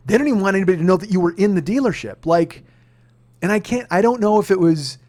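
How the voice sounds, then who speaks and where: A podcast host in his forties tells a story with plenty of swearing and mock outrage. His voice sits a little high for a man and keeps rising into shouted rants. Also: animated, fast talker. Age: 40s. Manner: profane ranting that climbs into shouting. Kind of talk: casual comedic storytelling.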